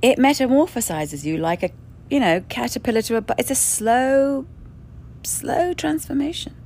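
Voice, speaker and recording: A woman's voice: a little high, lively intonation, moderate pace, a little mellow, a little hiss or hum. A woman speaking candidly and bluntly, with frequent swearing and laughter, from indoors in a rented lodging. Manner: blunt, profane, emphatic, laughs often. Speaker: speaker sharing spiritual experience. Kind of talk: candid monologue.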